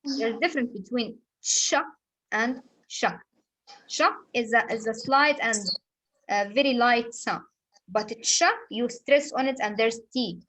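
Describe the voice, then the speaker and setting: A woman's voice: fairly high pitch, unhurried, fairly bright tone, slight background noise, low-quality recording. Patient woman teaching English sounds. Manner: patient, repetitive explaining with examples. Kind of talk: phonics lesson.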